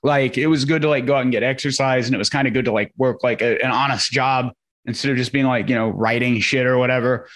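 A man's voice: medium pitch, steady tone, fast, fairly bright tone. A man co-hosting a podcast in casual chat, laid-back with a wry, profane way of talking. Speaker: podcast co-host.

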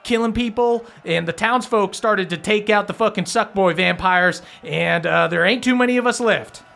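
A man's voice: sits high, normal speed, gravelly, pushed and bright, pitched above the performer's own voice, heavily acted. A man voicing a crude, jittery male vampire spawn in a tabletop game, swearing constantly. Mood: frantic.

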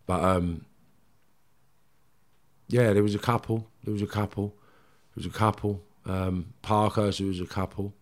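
A middle-aged man speaks in a fairly low voice. He tells his stories bluntly and swears freely, stumbling over restarts as he goes. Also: steady tone, measured pace, long pauses. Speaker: podcast guest. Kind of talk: casual storytelling chat.

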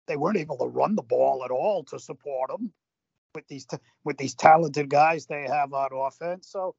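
Guy co-hosting a sports podcast, kinda high voice, keeps firing off "do you really think", dry muffled audio. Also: darkish tone, breathy edge, dry recording. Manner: emphatic, piles up rhetorical questions. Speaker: podcast co-host. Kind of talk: casual sports chat.

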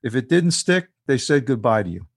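A male interviewer talking in a measured, conversational way. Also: mid-range voice, very animated, vocal fry, breathy edge, no echo, studio quality. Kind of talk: interview questions and commentary.

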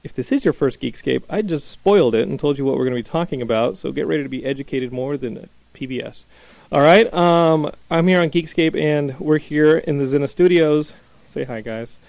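A man hosting a podcast in a small studio, talking loosely and rambling with plenty of ums and false starts. His voice has a gravelly, fry-laden edge, and the sound is close and dry with no room behind it. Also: a little high, fairly quick, darkish tone, no room sound. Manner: rambling, restarts with many ums. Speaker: podcast host. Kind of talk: casual podcast chat.

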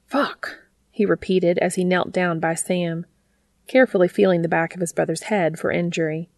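A woman reading fiction aloud as a narrator, in a steady, even way. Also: fairly low pitch, fairly quick, gravelly, no room sound. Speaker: audiobook reader.

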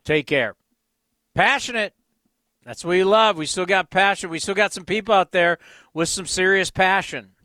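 A male sports radio host riffs through a rambling monologue, firing off exasperated rhetorical questions. His voice sits high and sounds bright and forceful. The studio sound is dry and close. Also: moderate pace, no echo. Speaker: radio call-in show host.

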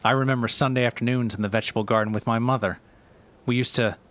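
A man's voice: medium pitch, fairly even intonation, fast, fairly bright tone, lightly acted. A man playing a rambling old comedian host. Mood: nostalgic. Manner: stammering, hesitant restarts. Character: aging male comedian host, nostalgic, rambling. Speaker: show host. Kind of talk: comedy audio sketch.

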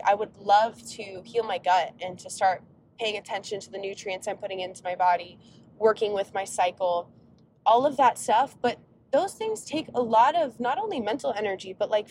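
A young woman talks through a casual solo podcast from the driver's seat, wandering off topic and breaking into her own sentences. She sounds a bit sick and tired, and a faint road rumble sits under her voice. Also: darkish tone. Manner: rambling, chatty, self-interrupting. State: sick, yawning. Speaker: podcast host. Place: inside a car on a road trip.

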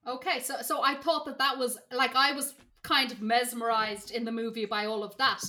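A woman's voice: on the high side, little pitch movement, normal speed, pushed and bright. A woman co-hosting a podcast, talking enthusiastically about a film she enjoyed. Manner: enthusiastic, gushing praise. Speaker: podcast co-host. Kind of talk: casual film review chat.

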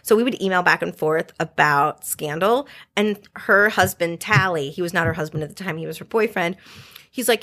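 A woman in her thirties, a podcast guest, chatting casually and telling stories with lots of quick asides. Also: fairly low pitch, a bit bright. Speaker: podcast guest, former White House staffer. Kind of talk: casual storytelling chat.

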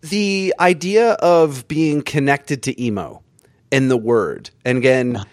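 A man's voice: medium pitch, expressive, slow pace, dry recording, studio quality. A man chatting casually on a podcast, telling rambling, self-mocking stories. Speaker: podcast guest. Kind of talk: casual chat.

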